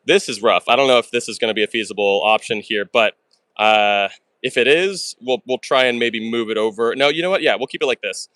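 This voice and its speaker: A man hosting a live puzzle stream, rattling off his thinking at speed and breaking into excited exclamations. His voice sits at a middling pitch, and the sound is close and dry with no room around it. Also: no echo. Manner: fast and chatty, talks through his moves. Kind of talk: live stream chat while solving puzzles.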